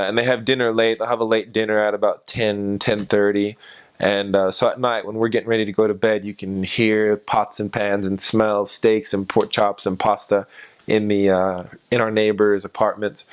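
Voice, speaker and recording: A young man casually telling stories about his time as a missionary, rambling with many pauses and fillers. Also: on the low side, level tone, smooth. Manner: rambling, frequent "uh" and "and so". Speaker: former missionary. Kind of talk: casual storytelling.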